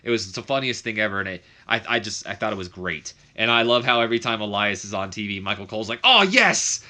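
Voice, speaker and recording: A man's voice: fairly low pitch, fairly even intonation, pushed and bright. A young man casually recapping a wrestling management game, chatty, with lots of fillers and self-corrections. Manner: does quick mock voices of others. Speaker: game commentator.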